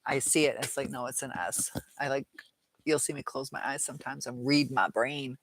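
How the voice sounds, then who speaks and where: Chatty middle-aged woman with gravelly voice. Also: a bass voice, fairly even intonation, normal speed, slight background noise. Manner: chatty, rambling, laughs often. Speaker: live-chat host. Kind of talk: casual livestream chat reading viewer comments.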